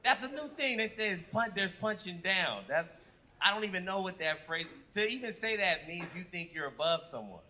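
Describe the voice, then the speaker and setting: A man's voice: high-pitched, expressive, fairly quick, pushed and bright, a little hiss or hum. A man doing a brash, profane, rambling stand-up comedy set.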